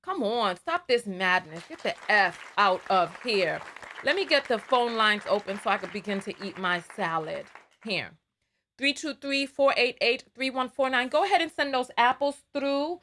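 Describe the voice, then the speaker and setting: Woman host, live-stream commentary, indignant, pitch a touch high. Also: expressive, normal speed, pushed and bright, a little hiss or hum. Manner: heated, indignant, repeats herself. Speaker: livestream host.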